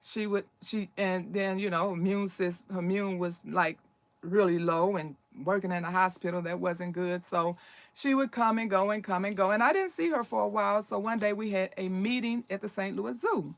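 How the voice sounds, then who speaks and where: A middle-aged woman chatting casually in a how-to vlog about herbal remedies, peppering her talk with "you know" and "okay?" and acting out the voices in her stories. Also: normal speed. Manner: acts out quoted voices with big pitch swings.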